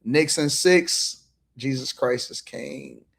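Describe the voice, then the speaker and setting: A man's voice: mid-range voice, slow pace, vocal fry, a bit bright, breathy edge. A man hosting a casual panel show, reading out viewer comments in a slangy, joking way. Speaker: podcast host reading chat.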